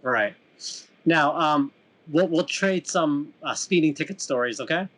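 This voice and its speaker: A man's voice: fairly high pitch, a little slow, a bit bright. A man in his thirties from Canada hosting a casual podcast, telling a story with many restarts and self-mocking laughs. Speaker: podcast host.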